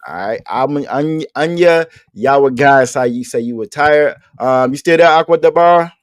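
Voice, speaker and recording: A man leads a language lesson over a video call. He speaks at an ordinary middle pitch and keeps repeating his questions patiently, with easygoing jokes for the class. The sound is dry and close, with no room around it. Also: normal speed, dry recording. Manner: patient, repeats questions, casual joking with students. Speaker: language teacher. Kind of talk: online class teaching vocabulary.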